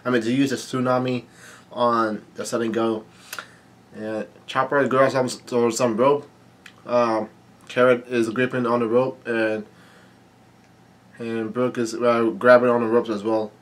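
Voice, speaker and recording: A man's voice: medium pitch, level tone. Coughing man recapping a manga chapter. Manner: halting, stumbles and restarts often. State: bad cough. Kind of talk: casual read-through commentary.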